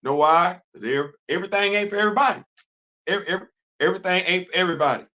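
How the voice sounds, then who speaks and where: A man hosting a live comics talk show, animated and exclaiming, repeating himself as he gets excited. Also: sits high, quick pace. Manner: animated, repetitive, exclaiming, laughing. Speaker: comics podcast host. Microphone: live stream mic.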